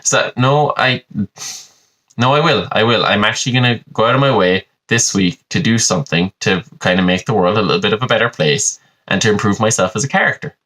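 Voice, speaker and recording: A man's voice: lowish voice, brisk, bright, forceful tone. A young man, hosting a podcast in a rambling, sweary and self-mocking comic monologue. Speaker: podcast host.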